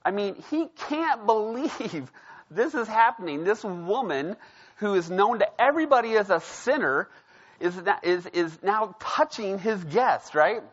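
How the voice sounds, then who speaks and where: Slightly high-voiced guy pastor, chatty sermon, keeps saying right?, dull lo-fi audio. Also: animated, unhurried. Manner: conversational, storytelling, frequent "right?". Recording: dull lo-fi sound.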